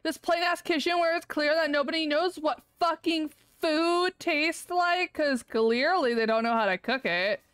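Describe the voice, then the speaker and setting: A woman's voice: high-pitched, a little slow, few pauses, fairly bright tone, no room sound. A woman streaming a game live, ranting and swearing in exasperation, with lots of laughter. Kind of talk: live gameplay commentary.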